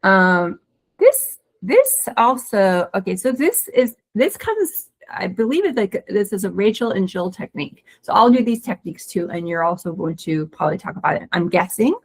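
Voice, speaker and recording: A woman who is a pelvic floor physical therapist, co-hosting a webinar and explaining recovery in a quick, excited, casual way with many restarts. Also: mid-range voice, husky. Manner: fast, excited talker with frequent restarts.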